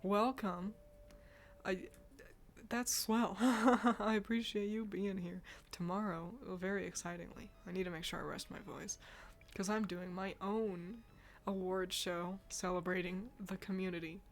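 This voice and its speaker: A woman's voice: medium pitch, steady tone, a little slow, a little hiss or hum. A woman streaming live, chatting casually about games while sick and congested, laughing often.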